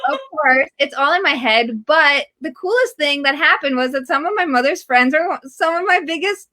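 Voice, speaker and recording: Animated middle-aged woman coach, higher voice. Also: moderate pace. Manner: animated, acts out quoted voices. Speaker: marriage coach guest. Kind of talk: casual interview chat.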